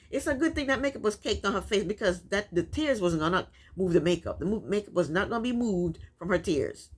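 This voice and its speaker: Animated sassy woman recapping TV. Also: mid-range voice. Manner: sassy, chatty, laughs at the show. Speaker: reality TV recap vlogger. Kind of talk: casual recap commentary. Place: at home, fan running nearby.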